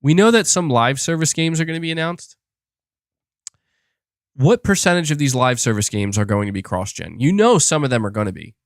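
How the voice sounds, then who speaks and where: A young man hosting a casual gaming podcast, rambling excitably with restarts and laughs as he reads viewer messages. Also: mid-range voice, brisk, no room sound, studio quality. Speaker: podcast host reading super chats. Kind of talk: casual live-stream chat.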